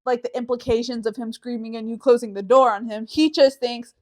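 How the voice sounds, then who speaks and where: A woman's voice: a little high, steady tone, fairly quick, darkish tone. Chatty young woman on a podcast. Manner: chatty, laughs along, reacts with short interjections. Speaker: podcast co-host. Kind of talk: casual chat.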